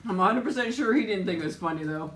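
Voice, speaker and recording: A woman's voice: medium pitch, lively intonation, fast, reverberant, a little hiss or hum. A woman hosting a casual live chat with viewers while eating. She tells stories in a chatty way and often laughs as she talks.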